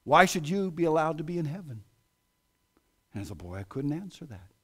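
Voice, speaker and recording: Male pastor, American, slightly high voice, lively dynamic sermon delivery. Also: normal speed. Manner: animated preaching, voice swinging from loud exclamations to hushed asides. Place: church sanctuary.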